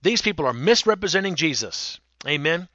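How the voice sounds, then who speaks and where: Bright-voiced, emphatic male preacher. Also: on the high side, very animated, fairly quick, no room sound, dull audio. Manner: emphatic, repeats words, speaks in quoted voices. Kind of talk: sermon.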